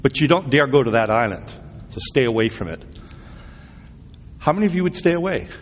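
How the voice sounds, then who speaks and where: A man's voice: medium pitch, sing-song, brisk, big-room sound, a little hiss or hum. A man preaching a sermon, talking conversationally, asking his congregation questions and repeating words for emphasis. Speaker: pastor.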